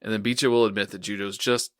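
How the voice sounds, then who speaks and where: A man's voice: lowish voice, flat delivery, fast talker, smooth, no echo, clean studio sound. A man co-hosting a casual anime podcast, laid-back and chuckling as he retells the plot. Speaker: podcast co-host. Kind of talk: casual anime recap chat.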